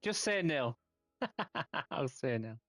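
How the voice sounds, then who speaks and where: Yorkshire male streamer, laid-back slow talker, friendly, laughs a lot, dry close sound. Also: mid-range voice, sing-song, a bit bright, dry recording, faint music behind. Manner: friendly, chatty, laughs often, stumbles over names. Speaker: game streamer. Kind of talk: casual live-stream chat with viewers.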